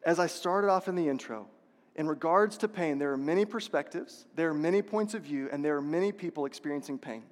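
A man's voice: fairly high pitch, fairly quick. A man preaching a sermon as a pastor, passionate and repetitive, asking the congregation rhetorical questions. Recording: long reverb of a large hall.

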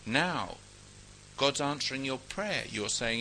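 A man delivers a sermon in a bright, ringing voice. His pitch rises and falls widely as he exhorts his listeners, moving between loud declarations and quiet asides. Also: lively intonation, creaky, a little hiss or hum, poor audio. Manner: reads scripture aloud in a ringing, measured cadence. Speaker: preacher.

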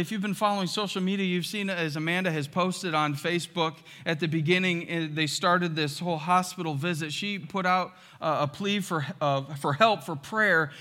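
A man preaching a sermon as pastor, animated and acting out quotes with loud outbursts. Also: sits high. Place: church sanctuary. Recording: long hall reverb.

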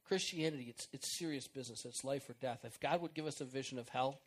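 A middle-aged man preaching an informal sermon, acting out prayers and conversations in an animated way. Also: medium pitch, fast talker, a little hiss or hum.

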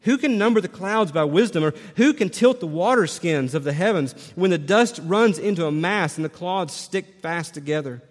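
A man preaching a sermon and reading scripture aloud, animated and questioning his listeners. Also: high voice, moderate pace, few pauses, long reverb tail. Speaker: pastor.

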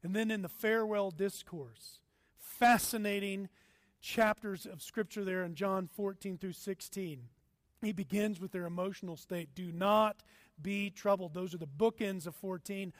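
Man, pastor, sermon, high voice, animated delivery, dry close sound. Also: unhurried, no room sound. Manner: animated, acts out quotes with shifting loudness.

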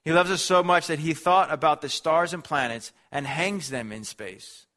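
A man's voice: on the high side, moderate pace, sharp tone. A man preaching a sermon as a pastor, earnest and emphatic, building on repeated phrases.

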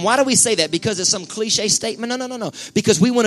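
A man's voice: high-pitched, sing-song, fast, few pauses, a bit bright, soft background music. A male pastor preaching a sermon to his church in a folksy, conversational way with colloquial asides.

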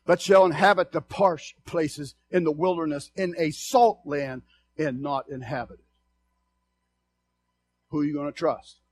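A man preaching a sermon to a congregation, passionate and emphatic, moving between loud exhortation and low, confiding asides. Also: measured pace, long pauses, slight background noise.

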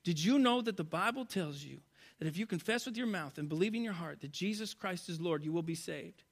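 A pastor preaching to a congregation from a church stage, swinging between loud, animated passages and hushed, quiet ones. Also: male voice, high voice, a little fast, gravelly. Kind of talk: sermon.

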